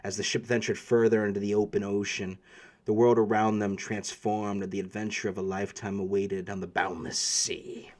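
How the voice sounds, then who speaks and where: Man running a tabletop game, low voice. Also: little pitch movement, moderate pace, darkish tone, slight background noise. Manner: reads scripted narration, then improvises with many fillers. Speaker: game master.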